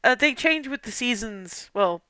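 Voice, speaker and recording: A woman running a tabletop game as game master, explaining things in a lively way. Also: fairly high pitch, unhurried, clear, resonant tone, no room sound.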